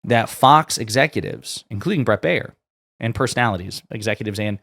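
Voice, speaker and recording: A man's voice: lowish voice, animated, a little fast, a bit bright. A man hosting online political commentary, reading quotes aloud and adding blunt sarcastic asides.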